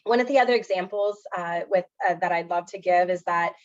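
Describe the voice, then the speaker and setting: A woman's voice: fairly low pitch, a little fast, lo-fi sound. Earnest woman counselor giving a talk. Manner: earnest, filler-heavy, often says "um" and "you know". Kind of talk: educational presentation.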